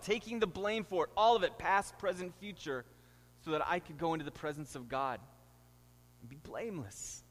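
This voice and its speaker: A man's voice: on the high side, a bit bright, long reverb tail. A middle-aged man, a pastor, preaching a sermon and telling stories with rising, emphatic delivery. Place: church sanctuary.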